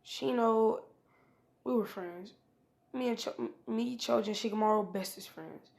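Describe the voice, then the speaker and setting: Woman doing a cold blunt young ninja guy, gravelly, pretty much her own voice. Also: fairly high pitch, measured pace, darkish tone. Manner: dismissive, blunt. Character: brash cold young male ninja hero.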